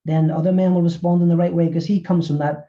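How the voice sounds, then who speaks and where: A middle-aged man speaks quickly in a webinar interview, stumbling over repeated words as he goes. His voice is deep and mellow, and it comes through a muffled, lo-fi recording. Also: flat delivery. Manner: halting, with many repeated words. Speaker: author and former physiotherapist.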